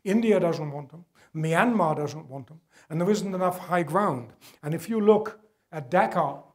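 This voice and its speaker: An older man giving a public lecture, earnest and emphatic, dropping his voice low to press home a point. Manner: earnest, emphatic, drops to quiet for weight. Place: gala event hall.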